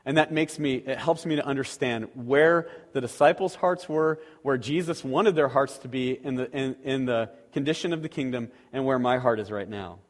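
A man's voice: mid-range voice, normal speed, few pauses. A man preaching a sermon as a pastor, talking conversationally with rhetorical questions to the congregation. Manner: acts out quoted voices animatedly. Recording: long reverb of a large hall.

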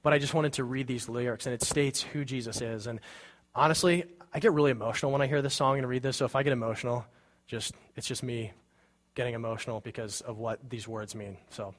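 Male pastor, mid-pitched, earnest sermon delivery, fervent peaks, loose casual asides. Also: steady tone, fast. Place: church sanctuary.

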